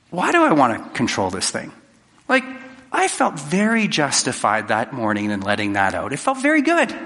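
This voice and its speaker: A man's voice: mid-range voice, bright, forceful tone, long reverb tail. A man giving a conversational, jokey talk to a live audience, acting out quoted exchanges. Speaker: public speaker.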